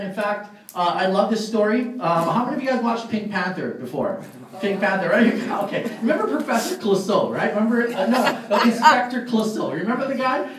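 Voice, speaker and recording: A man giving a live motivational speech at a party, telling stories with lots of fillers and frequent laughs. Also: sits high. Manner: animated storyteller, laughs often, many fillers. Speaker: motivational speaker at a sales party. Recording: very echoey hall, far from mic.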